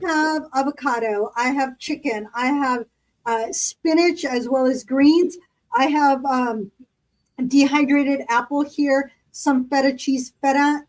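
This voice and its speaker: A woman chats casually as a podcast co-host, spinning long stories full of fillers. Her voice sits high. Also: a little mellow, rough recording. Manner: chatty storyteller, lots of fillers. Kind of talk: casual chat.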